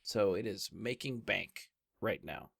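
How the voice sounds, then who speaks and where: A man's voice: fairly low pitch, takes it slowly, gravelly, breathy edge, no echo, clean studio sound. A man hosting a casual movie review podcast, laughing easily and leading the talk. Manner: laughs often, relaxed hosting. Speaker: podcast host.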